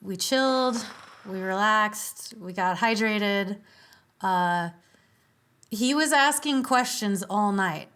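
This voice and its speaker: A woman's voice: medium pitch, slow pace, a bit bright, clean tone. A woman, a podcast guest, telling a story in casual conversation, chatty with many fillers and easy laughs.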